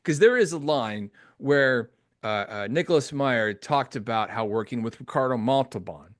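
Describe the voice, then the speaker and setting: Man, podcast host, excitable, laughs a lot, swooping lively pitch, dry close sound. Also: normal speed, no room sound. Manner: excitable, laughs often, quotes the film in character. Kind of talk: casual chat.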